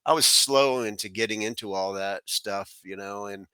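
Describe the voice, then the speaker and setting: Bright-voiced man telling a rambling story. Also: on the low side, normal speed, clean tone, no echo. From South Florida. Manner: rambling, many fillers and restarts. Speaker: guest. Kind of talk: casual storytelling.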